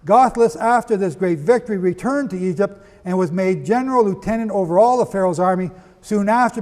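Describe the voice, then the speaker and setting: In a hall with long reverb, a Bible teacher with a high, darkish voice gives a lecture-style sermon. He reads out quotations and asks his listeners questions.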